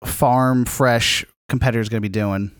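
A man with a smooth, clear voice co-hosts a comedy podcast. He sets up bits slowly and hesitantly, heavy on ums and uhs, in a dry, close sound. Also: medium pitch, fairly even intonation, dry recording. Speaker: podcast co-host. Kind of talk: casual comedic chat.

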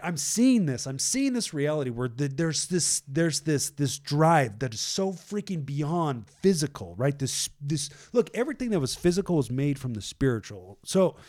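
Animated man preaching a casual sermon. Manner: animated, conversational, acts out quotes with swings in pitch and loudness; frequent fillers like "right?" and "freaking".

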